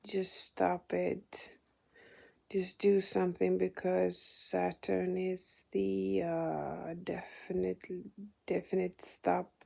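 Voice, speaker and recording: A woman vlogger recounts a spiritual experience in an indignant monologue, cursing and sometimes slipping into a whisper. Her voice is gravelly and dark, and she keeps her delivery flat and very slow. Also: on the low side. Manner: indignant, swearing, partly whispered.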